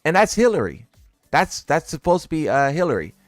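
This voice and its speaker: A man's voice: fairly high pitch, big pitch swings, fairly quick, no echo, soft background music. A man doing casual commentary for his viewers. He sounds incredulous and teasing, and he laughs at what he reads. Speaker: gaming content creator.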